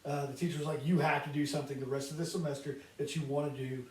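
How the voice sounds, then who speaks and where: A man with a high voice chats casually as a podcast co-host. He tells swearing-laced stories and laughs often. He sounds set back from the mic in an echoey room. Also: level tone, fast, darkish tone. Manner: profane, laughing storyteller. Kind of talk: casual chat. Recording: roomy echo, distant mic.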